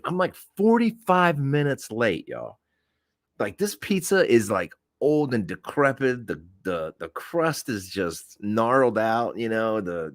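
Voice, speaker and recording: A man in his forties tells a casual story on his podcast, laughing and swearing freely. His voice sits low but swings widely and lively. The sound is dry and close. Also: no room sound. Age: 40s. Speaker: podcast host.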